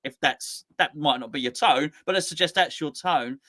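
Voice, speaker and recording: A man's voice: fairly high pitch, normal speed, sharp tone. A man co-hosting a casual football chat, rambling and playful with lots of restarts. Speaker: co-host.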